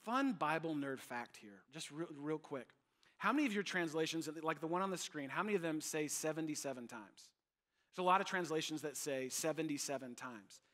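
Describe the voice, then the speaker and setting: A man preaching a sermon as pastor, emphatic and animated, repeating his points. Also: fairly high pitch, fairly quick.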